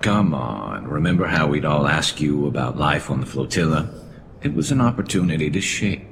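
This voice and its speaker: Very deep-voiced teasing alien soldier. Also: male voice, sing-song, moderate pace, vocal fry, full character voice. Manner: playful needling. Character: male alien soldier, teasing old comrade. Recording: roomy game audio with ambient noise.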